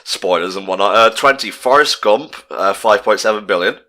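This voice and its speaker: A man's voice: lowish voice, normal speed, pushed and bright. A young man chatting casually on a movie commentary, rambling with lots of fillers as he reads through a list. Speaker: commentary co-host.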